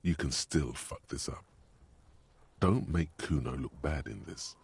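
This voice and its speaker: A man voicing the grave inner narrator of a detective video game, with a deep, husky voice and a measured delivery. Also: darkish tone, exaggerated voice. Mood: ominous.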